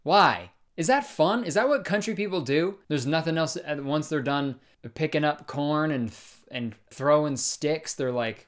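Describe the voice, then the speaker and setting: A young man giving comic commentary in an excitable, sarcastic way, swearing often. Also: on the high side, unhurried. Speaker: comedy YouTuber. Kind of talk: comedic commentary.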